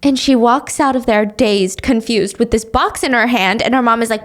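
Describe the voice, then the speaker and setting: A young adult woman hosting a podcast, recapping a drama plot in a chatty, expressive way with casual swearing. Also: on the high side, moderate pace, few pauses. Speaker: podcast host.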